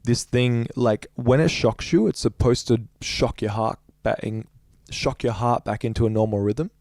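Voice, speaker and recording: A man's voice: mid-range voice, moderate pace, a little mellow, no echo, clean studio sound. A man, a young adult musician, recounting a story in a casual interview with a rambling, filler-heavy way of talking. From Australia. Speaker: musician guest.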